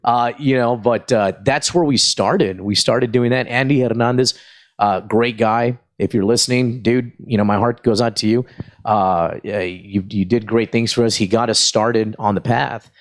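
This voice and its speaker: A middle-aged comedian from South Texas tells stories in an easy, casual chat. His voice sits at an ordinary male pitch, and he acts out the people in his tales. He fills his talk with "you know" and "uh.". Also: moderate pace. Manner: animated storyteller, acts out voices, frequent fillers. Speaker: stand-up comedian, podcast guest.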